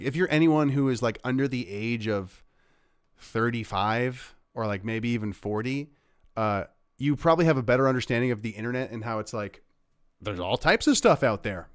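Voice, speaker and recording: A man's voice: medium pitch, animated, normal speed, dry recording, studio quality. A man hosting a livestream, giving casual, sarcastic commentary on clips he plays, rambling with fillers. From Canada. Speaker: livestream host reacting to clips.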